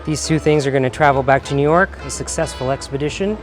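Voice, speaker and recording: A man's voice: medium pitch, quick pace. An enthusiastic man talks casually as he browses an antique market. He reads tags aloud and gushes over old things, with faint music behind him. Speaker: vlog host. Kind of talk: casual vlog chat.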